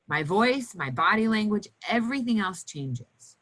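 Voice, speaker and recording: A woman occupational therapist teaching nurses in an educational panel talk, animated and acting out cheerful voices for children. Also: medium pitch, unhurried, hardly any pauses, rough recording.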